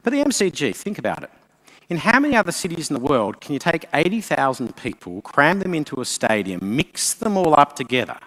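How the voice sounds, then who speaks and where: A man with an Australian accent giving a conference keynote, animated and punchy in his storytelling. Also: medium pitch. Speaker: keynote speaker. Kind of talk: conference speech. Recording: long reverb of a conference hall.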